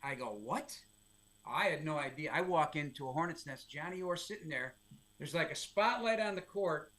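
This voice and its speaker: A middle-aged man, a sports play-by-play announcer, telling stories as a guest in casual podcast chat. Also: fairly high pitch. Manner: lively storyteller, quick asides.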